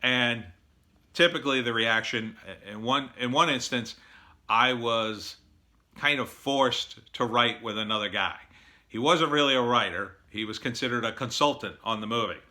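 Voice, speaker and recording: Blunt, bright-voiced man giving advice. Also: mid-range voice, normal speed. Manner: blunt, opinionated, with many fillers and acted-out quotes. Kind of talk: casual monologue.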